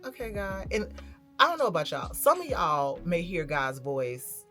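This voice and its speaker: Woman, low voice, casual vlog, candid and reflective, talks to viewers. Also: sing-song, unhurried, pushed and bright, faint music behind. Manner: candid, reflective storytelling that addresses viewers directly. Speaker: vlogger.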